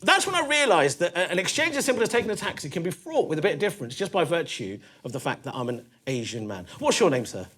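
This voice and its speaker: A man in his thirties with a London accent, performing a stand-up set in a comedy club, conversational and punchy, with quick asides to the crowd. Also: a little high, big pitch swings, fairly bright tone. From East London.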